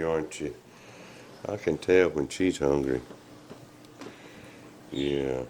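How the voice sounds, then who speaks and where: A man talking easygoingly at home, often cooing softly in baby talk to a pet. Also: very deep voice, slow, long pauses, a little hiss or hum. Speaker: father figure in the vlog.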